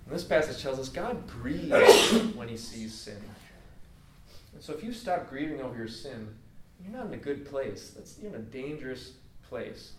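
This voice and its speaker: Speaking at a moderate pace with big swings in his medium-pitched voice, this man delivers an earnest, conversational sermon full of fillers and everyday phrasing. The informal, heartfelt talk is captured from a distance in an echoey room with background noise.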